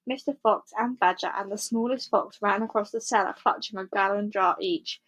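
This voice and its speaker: A woman reading a children's book aloud, telling the story in a clear, measured way. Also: medium pitch, a bit bright, poor audio. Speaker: storybook reader.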